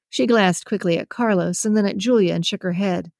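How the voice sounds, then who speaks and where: A woman reading a romance novel aloud as audiobook narrator, in an even, measured storytelling manner. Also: mid-range voice, gravelly, no echo, studio quality. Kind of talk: scripted narration.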